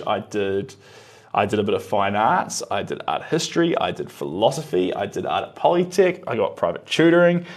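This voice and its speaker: A man streaming himself painting live, murmuring his brush moves to himself and answering chat in an easygoing, musing way. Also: fairly low pitch.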